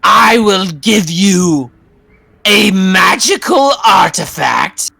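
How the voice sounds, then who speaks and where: A man's voice: high voice, animated, extremely slow, gravelly, sharp tone, husky, no echo, pitched above the performer's own voice, heavily acted. A man voicing a cunning old witch who sells pies, screeching and wheedling by turns. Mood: sly bargaining.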